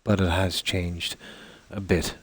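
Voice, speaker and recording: A man's voice: sits low, level tone, slow pace, no echo. A man from Ireland with an Irish Midlands accent, chatting casually with viewers while he plays, rambling with many fillers. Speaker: streamer.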